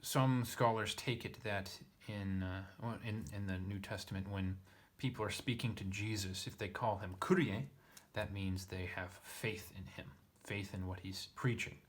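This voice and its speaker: Speaking at a normal speed with hardly any pauses, this man has a fairly low pitch and a steady tone. He's a Greek teacher giving a casual lesson reading, going line by line through a text while thinking aloud, often using fillers and correcting himself.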